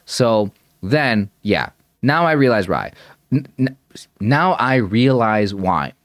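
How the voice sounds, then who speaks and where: Lively, rambling young-sounding man streamer. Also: medium pitch, slow, no room sound, clean studio sound. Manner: rambling, self-correcting, laughs at himself. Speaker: streamer reacting to a puzzle video. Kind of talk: casual thinking-aloud commentary.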